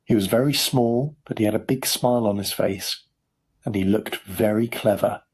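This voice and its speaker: A man narrating a children's story for English learners in a clear, measured storytelling voice. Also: on the low side, darkish tone. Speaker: audiobook narrator.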